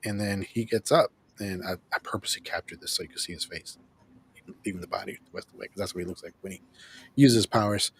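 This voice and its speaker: A man hosting a show, casually recapping an episode in an animated way, acting out lines and laughing often. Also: low-pitched, quick pace, noisy background. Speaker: host of a show reviewing an episode.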